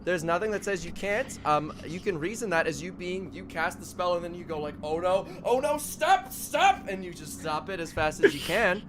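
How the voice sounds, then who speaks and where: A man's voice: high voice, fairly quick, few pauses, background noise. A man narrating as game master for a tabletop game, explaining rules and laughing often. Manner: rules-explaining, laughing, calls out auction bids.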